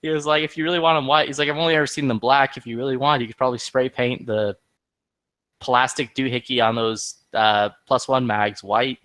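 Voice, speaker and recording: A man's voice: mid-range voice, a little fast, no room sound. A man in casual chat, retelling a story in a heated, profane way and acting out the other people's lines. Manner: profane, heated, animated retelling with quoted dialogue. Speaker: podcast regular.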